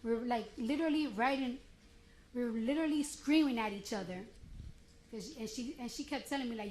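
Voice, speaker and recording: A woman testifying in a courtroom, retelling a confrontation in a blunt, animated, slangy way and acting out what each person said. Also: fairly high pitch, a little fast. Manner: blunt and animated, slangy street speech, acts out quotes. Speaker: witness testifying. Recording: roomy courtroom sound, faint noise.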